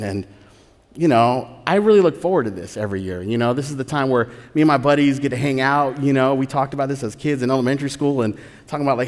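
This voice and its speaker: A man telling his own story live on a theater stage, animated and excitable, often laughing as he talks. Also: medium pitch, fast. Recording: reverberant live theater hall.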